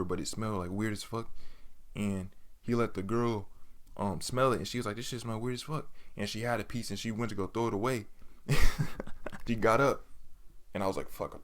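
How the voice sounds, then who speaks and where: A man telling a personal story in casual, profane slang, often breaking into laughter. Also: fairly low pitch. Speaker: storytime vlogger.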